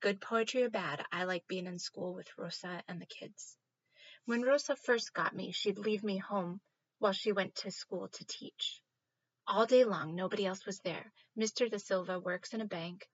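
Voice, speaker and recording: A woman reading a children's book aloud, expressive and stopping now and then to fix her slips. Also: medium pitch, normal speed, husky, dry recording, lo-fi sound. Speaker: reader.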